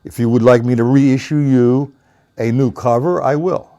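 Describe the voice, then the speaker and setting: A man's voice: medium pitch, fairly even intonation, normal speed, mellow, muffled recording. A man teaching drums on a live stream, chatting with viewers by name and counting rhythms aloud as he demonstrates. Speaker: drum teacher. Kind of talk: live-streamed lesson, answering chat.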